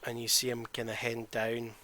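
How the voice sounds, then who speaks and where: Brief: male game master, bright, tense tone, loose and casual narration. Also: mid-range voice, monotone, brisk, slight background noise.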